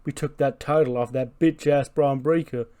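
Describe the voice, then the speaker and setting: A man's voice: mid-range voice, steady tone, normal speed, mellow, clean tone, natural voice. A man voicing a menacing, swaggering male wrestling champion who threatens a younger rival.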